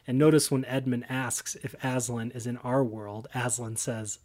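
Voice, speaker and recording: A man's voice: medium pitch, fairly even intonation, unhurried, warm tone. A man hosting his own show, giving earnest, enthusiastic book commentary in a loose, conversational way. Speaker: host.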